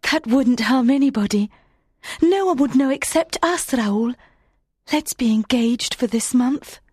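A man voicing a fearful young woman opera singer in a breathy falsetto, as an audiobook character voice. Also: animated, measured pace, darkish tone, no echo, studio quality, full character voice. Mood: eager.

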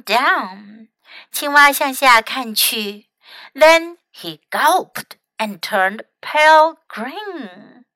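A woman English teacher reads a children's story aloud, slow and gentle. Her voice is high and bright. The recording is close and dry. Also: no room sound, low-quality recording. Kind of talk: bilingual storybook reading for children.

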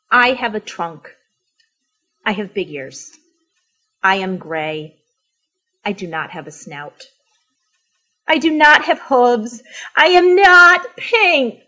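A woman voicing an anxious, gentle male elephant in a children's picture-book read-aloud, speaking in a hesitant, lowered voice. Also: poor audio.

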